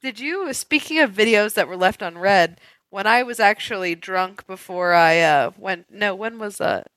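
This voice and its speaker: Young woman, podcast co-host, casual crude banter, bright tone, dry close sound. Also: mid-range voice, lively intonation, moderate pace, no echo, low-quality recording. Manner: crude, joking, laughs often. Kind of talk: casual chat.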